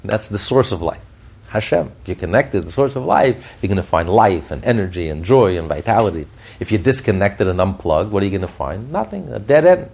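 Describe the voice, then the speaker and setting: A man giving a podcast Torah class, telling stories in an animated way with frequent restarts and chuckles. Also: fairly low pitch, fairly quick, gravelly, slightly rough. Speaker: Torah teacher.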